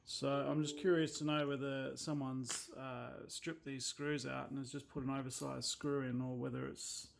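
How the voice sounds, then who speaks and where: A man's voice: medium pitch, flat delivery, normal speed, gravelly, hardly any pauses, slight background noise. A man with an Australian accent, talking casually through a watch repair as a watchmaker, blunt and exasperated with a habit of swearing when annoyed. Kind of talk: casual workbench commentary.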